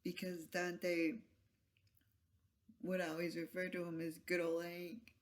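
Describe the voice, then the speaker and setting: A vlogger retelling a story in a soft, halting, emotional way, with trailing phrases and whispered asides. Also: mid-range voice, completely flat delivery. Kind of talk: casual spoken vlog retelling.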